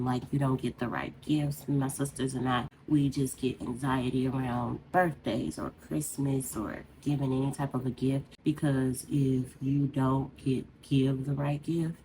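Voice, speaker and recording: A woman with a strikingly low, deep voice vents in a loose, rambling way as she does her makeup on camera. Her talk is conversational and heartfelt, with steady room noise audible underneath. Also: low-quality recording. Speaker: beauty vlogger. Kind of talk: casual venting while doing makeup.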